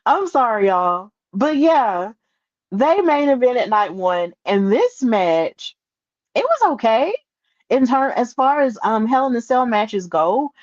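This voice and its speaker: A woman hosting a solo podcast, retelling events in an excitable, animated way with playful asides. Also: a little high, unhurried, no room sound, muffled recording. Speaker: podcast host.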